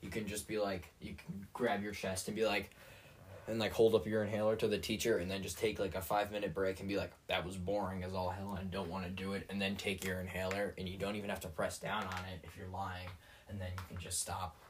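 A man's voice: deep voice, little pitch movement, brisk, recorded from a distance, a little hiss or hum. A teenage boy hosting a podcast, ranting in a rambling, sarcastic way with lots of fillers and restarts. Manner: sarcastic and self-mocking. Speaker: podcast host. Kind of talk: rambling solo rant.

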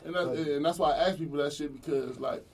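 A man hosting a casual podcast chat, talking fast in street slang and cutting in with "right, right.". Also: fairly high pitch, a little mellow, husky, distant mic. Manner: quick, street slang, keeps saying "right, right". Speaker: podcast host.

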